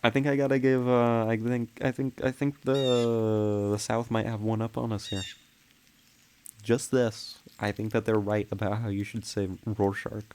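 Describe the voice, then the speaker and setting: A man's voice: lowish voice, flat delivery, moderate pace, a little mellow. A man streaming a game and rambling casually with his viewers, with frequent giggles. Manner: rambling and giggly, laughing often; chats with viewers while playing. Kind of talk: casual livestream chat.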